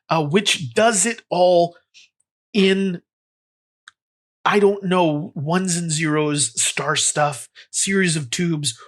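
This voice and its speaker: A man's voice: high-pitched, fairly bright tone. A man hosting a comedy podcast, rambling playfully with lots of fillers. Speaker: podcast host.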